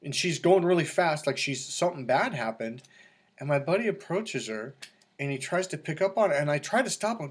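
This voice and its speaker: A man's voice: fairly high pitch, animated, a little fast. A middle-aged man coaching in a casual monologue, telling stories and acting out quoted voices with animation. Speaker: dating coach.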